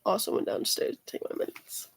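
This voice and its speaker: A woman casually telling a rambling story about her school week, swearing freely and trailing off into fillers and restarts. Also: normal speed. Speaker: student vlogger.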